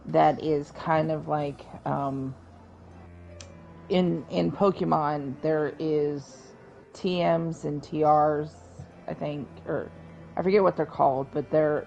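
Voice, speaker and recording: A co-streamer explaining game mechanics in halting casual chat, often trailing off. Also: medium pitch, vocal fry, darkish tone, lo-fi sound. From living in Arkansas, US.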